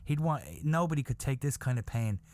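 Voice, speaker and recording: An Irish man in his fifties hosting a podcast, telling a story in a rambling, animated way that keeps checking in with the listener. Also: mid-range voice, a little fast. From Ireland. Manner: rambling, animated, peppered with "okay?" and "you know?". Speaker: podcast host. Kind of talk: casual anecdotal storytelling.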